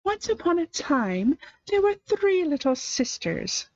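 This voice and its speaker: A drowsy little male dormouse, as a woman puts him on, hoarse and feeble, lifted high above her reading voice. He drags his words out, slow and touchy. The storybook sound is dry and a little muffled. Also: big pitch swings, a little mellow, no room sound.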